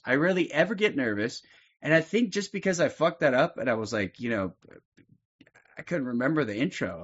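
A man's voice: mid-range voice, fairly bright tone, lo-fi sound. A man hosting a casual livestream from his couch at home, rambling and swearing, with lots of fillers and restarts. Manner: rambling, profane, many fillers. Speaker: livestream host.

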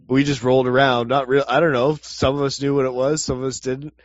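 A man's voice: medium pitch, steady tone, normal speed, lo-fi sound. A man in casual chat, rambling and cursing with frequent restarts as a co-host. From Canada. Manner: rambling, profane, laughs often.

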